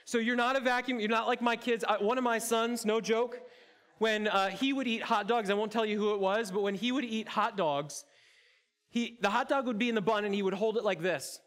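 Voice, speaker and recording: A man's voice: high voice, fairly quick, a bit bright. A man preaching a sermon as campus pastor, playful and chatty, talking straight to the congregation in a church auditorium. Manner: playful, interactive, addresses congregation directly.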